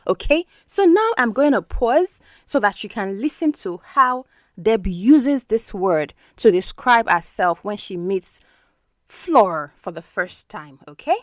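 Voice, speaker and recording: A woman's voice: medium pitch, sing-song, takes it slowly, no echo, clean studio sound. A woman hosting an English-learning podcast who explains words patiently and keeps checking in with the listener. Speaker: English teacher and podcast host.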